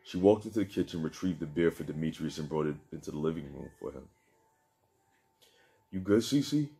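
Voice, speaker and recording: A man reading aloud from a novel in a steady, subdued way. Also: rumbling low, fast, vocal fry. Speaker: narrator reading his own novel. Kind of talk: book reading.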